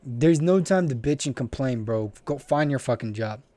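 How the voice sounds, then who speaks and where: A man's voice: medium pitch, lively intonation, normal speed, warm tone, no echo. A young man in casual podcast talk, recorded dry and close. He speaks bluntly, swears freely and mimics the callers in his story. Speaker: podcast co-host. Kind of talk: casual chat.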